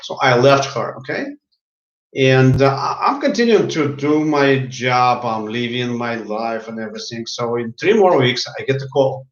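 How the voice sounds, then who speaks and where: A man's voice: medium pitch, animated. Guy rambling through a story, keeps restarting words, echoey muffled room sound. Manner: halting, repeats and restarts words. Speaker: healer. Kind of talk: casual storytelling monologue. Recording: roomy, dull lo-fi sound.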